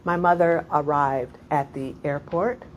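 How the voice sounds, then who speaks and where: A woman's voice: sits low, steady tone, unhurried, slight background noise, poor audio. A middle-aged woman, a poet, telling a long, laughing anecdote at a reading, full of asides and "like" fillers. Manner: rambling, laughing, many "like" fillers.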